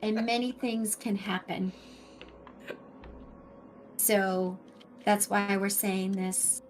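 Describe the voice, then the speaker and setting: Slow-talking woman at a game table. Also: medium pitch, steady tone, faint music behind. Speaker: player. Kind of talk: casual chat at a game table.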